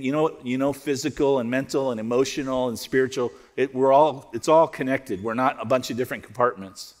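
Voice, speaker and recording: A man preaching a sermon as pastor, conversational and joking, dropping to soft prayerful tones. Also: mid-range voice, brisk, hardly any pauses, in a large hall. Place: church auditorium.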